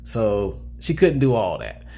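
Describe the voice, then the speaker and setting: A man's voice: lowish voice, huge pitch swings, unhurried, creaky, warm tone. A man casually talking through a movie review in a chatty way, often checking in with "all right?".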